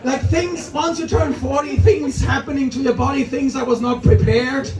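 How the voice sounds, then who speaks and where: A man's voice: very high voice, fairly even intonation, moderate pace, a little mellow, faint music behind. Austrian guy in his 40s doing self-mocking standup, sounds far off the mic. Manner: self-mocking, laughs at his own jokes. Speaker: stand-up comedian. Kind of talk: stand-up set. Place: comedy club open mic. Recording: echoey club room, mic heard from a distance.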